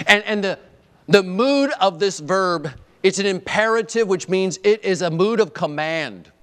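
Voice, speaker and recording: A man delivers an emphatic sermon, hammering his points home through repeated phrases. His voice sits a little high for a man. Long reverb trails each line through the church hall. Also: a bit bright. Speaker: preacher.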